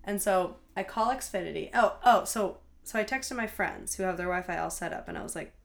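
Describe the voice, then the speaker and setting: A young college woman co-hosting a casual podcast from her bedroom. She rambles through a long story and acts out the people she quotes, and her voice sits at an ordinary middle pitch. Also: fairly quick, creaky. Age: young adult. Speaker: podcast co-host. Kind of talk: casual chat. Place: bedroom in a student house.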